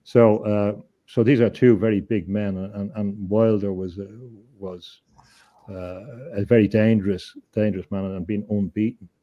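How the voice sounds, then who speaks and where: A man, a guest on an interview show, telling a story in an earnest, halting way, often repeating words as he thinks. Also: on the low side, fairly even intonation, lo-fi sound. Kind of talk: conversational storytelling.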